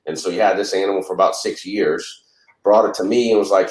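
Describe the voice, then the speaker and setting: A deep-voiced man from Louisiana, a reptile breeder appearing as a guest on the show, tells a rambling, casual story at a quick pace with fairly even intonation, acting out the dialogue. The room gives his voice a noticeable echo.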